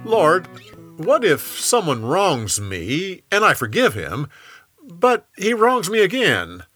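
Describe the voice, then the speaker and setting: A man's voice: sits high, huge pitch swings, takes it slowly, fairly bright tone, slightly rough, faint music behind, pitched above the performer's own voice, heavily acted. A man voicing an earnest adult disciple asking a question. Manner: earnest, inquiring.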